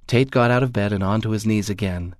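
Male storyteller, low voice, calm measured reading, dry booth sound. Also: dry recording. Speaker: story narrator. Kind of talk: scripted narration of a magazine story.

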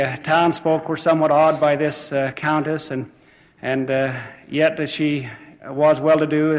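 A man giving an earnest sermon to church brethren, urging them on with some fillers and restarts, with a long hall reverb. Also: fairly high pitch. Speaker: church speaker.

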